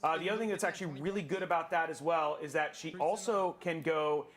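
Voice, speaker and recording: A man hosting a live stream, commentating on a game in an excitable, rambling way with frequent restarts. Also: a little high, fast.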